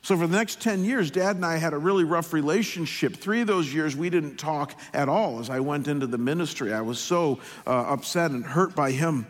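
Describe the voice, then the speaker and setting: A middle-aged male pastor telling a personal story in a sermon, slow and earnest, often pausing. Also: a little high. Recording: long hall reverb.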